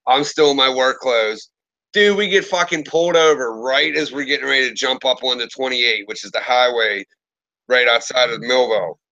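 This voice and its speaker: A man's voice: mid-range voice, moderate pace, muffled recording. A man in his thirties casually telling profane stories in a live chat, acting out the people in them. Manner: profane, animated storyteller with lively quoted voices.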